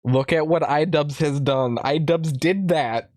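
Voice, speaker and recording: A man's voice: fairly high pitch, a little slow, darkish tone, no room sound. A man hosting a casual stream, talking bluntly and defiantly in a rambling way at a close desk mic. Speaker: streamer host. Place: home streaming setup.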